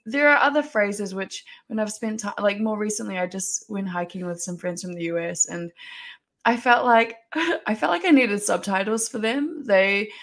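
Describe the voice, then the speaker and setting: A woman's voice: mid-range voice, moderate pace, a bit bright. A woman from New Zealand with a Kiwi accent, chatting as a podcast guest, laughing often and trailing off into fillers. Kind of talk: casual chat.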